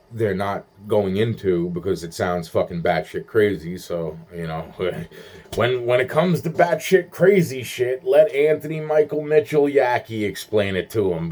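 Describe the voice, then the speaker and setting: A man's voice: lowish voice, a little mellow. A young man rambling in a profane monologue, stumbling through restarts and acting out quoted voices.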